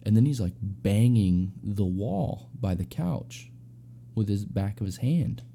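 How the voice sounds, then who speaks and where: A man's voice: lowish voice, vocal fry, warm tone, a little hiss or hum. A young adult man casually telling a personal anecdote, rambling and slangy with lots of fillers. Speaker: storyteller.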